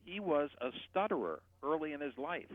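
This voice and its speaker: A man explaining voice technique as a guest voice coach, animated and shifting his loudness to demonstrate. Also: fairly high pitch, moderate pace, dry recording. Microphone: telephone. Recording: tinny phone line.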